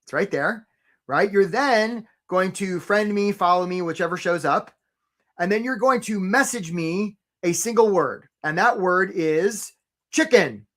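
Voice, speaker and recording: A man hosting a live career webinar, coaching casually with jokes and giving shout-outs to viewers by name. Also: high voice, measured pace. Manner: energetic and joking, breaks into short mocking impressions of job seekers.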